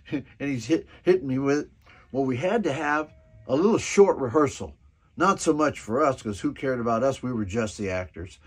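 A man in his seventies tells a folksy anecdote in a personal video message, drawing the story out and chuckling often. His mid-range voice is husky, with lively intonation.

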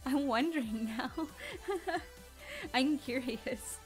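A woman's voice: high-pitched, lively intonation, very slow, faint music behind. Sleepy, giggly woman streamer. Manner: giggly, rambling, apologetic. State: sleepy and tired. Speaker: live streamer. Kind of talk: casual live-stream chat.

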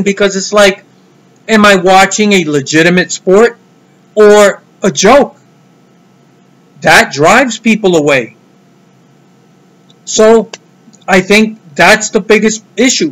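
Man ranting, high voice, blunt and heated. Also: a bit bright, poor audio. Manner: heated, blunt, swears freely. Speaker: motorsport commentator vlogger. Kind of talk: opinionated solo rant.

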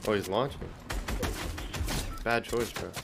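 A young man streaming live gameplay, excitable and trash-talking as he taunts his opponents. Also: lowish voice, unhurried, creaky, heavy background noise.

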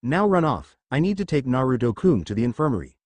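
Storybook princess, upbeat and friendly, swinging pitch; a male narrator reads her. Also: sing-song, fast, no echo. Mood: scolding. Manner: bright, friendly. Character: cheerful alien princess, young woman.

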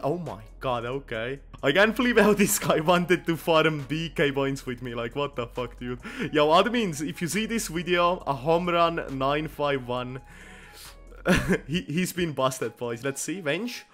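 Young male gaming commentator, excitable and sweary, high-ish lively voice, soft game music under him. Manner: swings from muttering to loud laughing outbursts, swears a lot. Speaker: gaming YouTuber.

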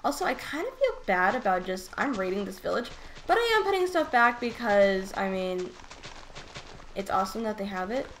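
An excitable woman narrates her gameplay in loose, gushing commentary, stumbling and repeating herself as she goes. Her voice sits at an ordinary middle pitch. A faint hum runs under the recording. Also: moderate pace. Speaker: let's play gamer.

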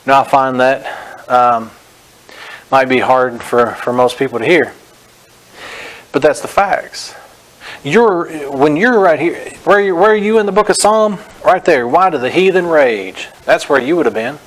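Man, pastor, sermon, slightly high voice, verse-by-verse teaching, direct and corrective. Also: rough recording. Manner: teaching verse by verse, reading scripture slowly with emphasis; direct, corrective, frequent "notice".

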